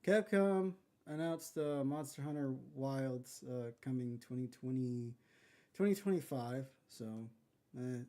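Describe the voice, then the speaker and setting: A man hosting a casual podcast, talking in a halting way with lots of pauses and restarts. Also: medium pitch, warm tone. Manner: halting, many fillers and restarts. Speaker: podcast host.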